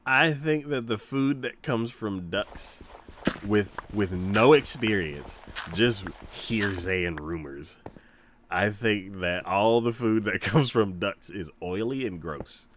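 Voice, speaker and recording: A man's voice: lowish voice, takes it slowly, a little hiss or hum. A man hosting a gaming stream, chatting casually and laughing often as he retells stories. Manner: laughs often, retells scenes in animated voices. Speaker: gaming channel host. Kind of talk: casual chat while gaming.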